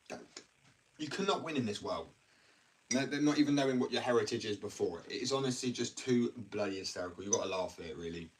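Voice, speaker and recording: Rambling low-voiced man ranting on a stream. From England. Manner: rambling, blunt, slangy. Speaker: live streamer. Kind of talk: casual livestream rant. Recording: distant mic with faint background noise.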